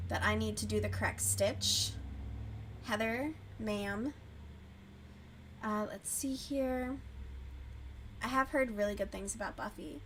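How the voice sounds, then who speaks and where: A woman with a medium-pitched voice hosts a relaxed livestream while she crochets, with slight background noise. She chats loosely, swears freely and answers her chat as she goes.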